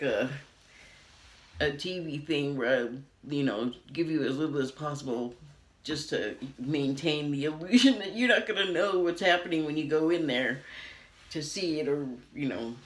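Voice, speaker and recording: An American woman giving a casual TV review, rambling and laughing often. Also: low voice. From United States. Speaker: TV critic. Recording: roomy echo.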